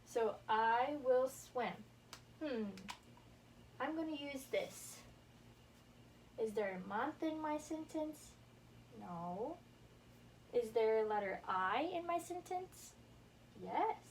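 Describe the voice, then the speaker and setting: A young woman teacher walks a class through a grammar lesson, her voice a little high and encouraging as she works at the board. She is recorded by a camera across the classroom, so she sounds distant, with faint room noise underneath. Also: lively intonation. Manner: encouraging, slow and deliberate at the board.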